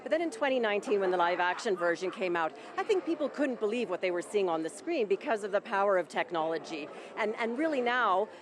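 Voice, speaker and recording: A woman's voice: medium pitch, quick pace, few pauses, background noise. A woman executive interviewed live at a red carpet event, speaking in an upbeat, polished way. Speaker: company executive. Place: outdoor red carpet event at a shopping centre. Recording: lively crowd around.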